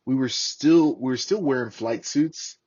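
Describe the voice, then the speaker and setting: A man in his thirties, a former Marine guest on a podcast, telling war stories in a casual, profane, animated way and acting out the voices of the people in them. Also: medium pitch, unhurried, breathy edge, lo-fi sound. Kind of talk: casual storytelling.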